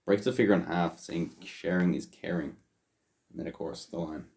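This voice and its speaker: A man's voice: sits low, normal speed, vocal fry, a little mellow. A young man co-hosting a podcast, chatting casually and offhand, swearing a lot and trailing off with fillers. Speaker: podcast co-host. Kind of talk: casual chat.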